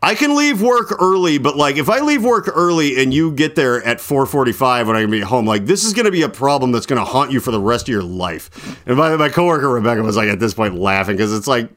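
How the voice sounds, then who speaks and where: Quick-paced and a bit bright, his medium-pitched voice has lively intonation. He's a young adult hosting a casual late-night podcast, rambling through a long story full of "like" and dramatizing both halves of his phone calls.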